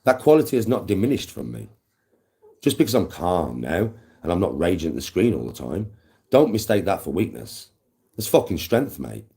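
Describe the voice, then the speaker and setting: Guy ranting to his stream chat, low voice, swears loads, really animated. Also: normal speed, vocal fry. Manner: intense, emphatic, heavy swearing. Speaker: livestreamer. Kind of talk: livestream chat to viewers.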